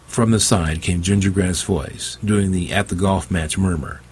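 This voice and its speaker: A man's voice: low-pitched, fairly even intonation, unhurried, darkish tone, breathy edge. A man narrating an audiobook in a dry, wry storytelling manner. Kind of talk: scripted narration.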